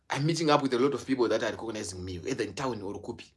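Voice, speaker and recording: Young adult Zimbabwean vlogger, Shona first language, animated code-switching delivery. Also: medium pitch, very fast, breathy edge. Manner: excitable, switches between English and Shona mid-sentence. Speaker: YouTuber celebrating a subscriber milestone. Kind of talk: casual vlog monologue.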